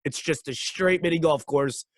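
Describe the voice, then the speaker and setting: A man guesting on a comedy podcast, laying out goofy ideas with a relaxed delivery. His voice runs slightly high and is recorded dry and close. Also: normal speed, no echo. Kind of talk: casual comedy chat.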